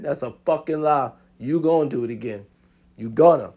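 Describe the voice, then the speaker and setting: A man's voice: mid-range voice, moderate pace, a little mellow, slightly rough. A man giving a profane, pleading comedic rant of relationship advice, preachy and repetitive.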